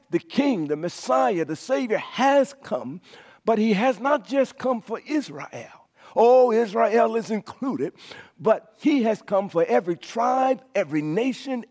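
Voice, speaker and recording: A male pastor preaching a sermon, repeating phrases for emphasis and moving from loud declarations to hushed whispers. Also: sits high.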